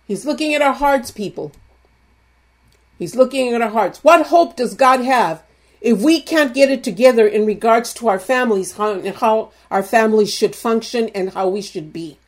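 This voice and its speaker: A woman preaching a sermon in an emphatic, animated way, often punctuating her points with a call of "Amen?". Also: a little high, moderate pace. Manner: animated, acts out quoted voices.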